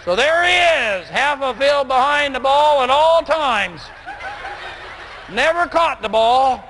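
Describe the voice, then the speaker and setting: A man with a strikingly high voice delivers a motivational speech, urging his audience to answer him back. He often breaks into shouts. A faint room hum sits behind him. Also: lively intonation, slow. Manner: call-and-response, often shouting. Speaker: motivational speaker.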